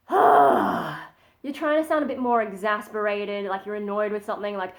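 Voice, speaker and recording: A woman at home giving a casual metal vocal tutorial, chatty and modest, stopping often to show the sounds she means. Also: mid-range voice. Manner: chatty and modest, breaks off to demonstrate sighs and growls.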